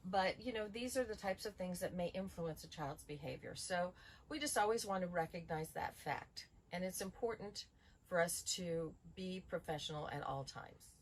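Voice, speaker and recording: A middle-aged woman calmly explaining communication skills in a training video, giving examples. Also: lowish voice, normal speed, rough recording. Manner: calm, explanatory, gives examples. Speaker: school bus safety trainer.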